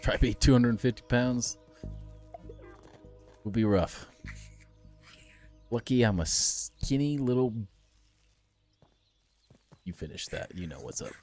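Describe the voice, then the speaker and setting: A man's voice: medium pitch, animated, takes it slowly, long pauses, a little mellow, soft background music. A man streaming a game live, chatting casually and joking back at his chat.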